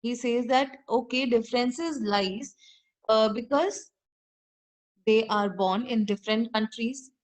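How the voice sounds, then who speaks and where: A woman's voice: a little high, takes it slowly, low-quality recording. A woman with an Indian English accent, teaching a literature lesson. She reads passages aloud, then restates them in her own words and asks rhetorical questions. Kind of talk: explanatory lecture.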